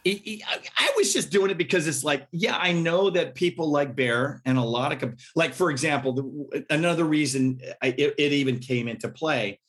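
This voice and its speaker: A man's voice: a little high, normal speed, hardly any pauses. A middle-aged man, a musician, telling stories in a casual interview and acting out quotes with laughs. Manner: animated storyteller, laughs and acts out quotes. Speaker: musician guest.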